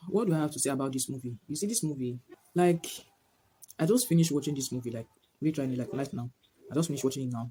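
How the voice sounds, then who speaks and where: A man's voice: on the high side, warm tone, slight background noise. A man giving a casual movie review to camera, retelling the plot in a rambling way full of "like" and "whatnot".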